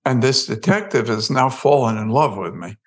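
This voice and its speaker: A man, a podcast guest, telling a story in an animated way and acting out the dialogue. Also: mid-range voice, moderate pace. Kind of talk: storytelling in an interview.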